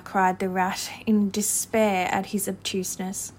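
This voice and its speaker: A woman narrating a classic storybook in an expressive, measured reading voice. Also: mid-range voice.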